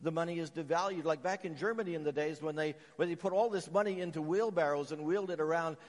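A man's voice: fairly high pitch, quick pace, long reverb tail. A man from Canada preaching a sermon, telling stories and raising emphatic questions as he teaches. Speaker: pastor.

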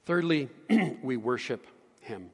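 A middle-aged man, a pastor, preaching a sermon with earnest emphasis that drops to hushed tones. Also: medium pitch, expressive, takes it slowly, breathy edge, in a large hall. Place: church sanctuary.

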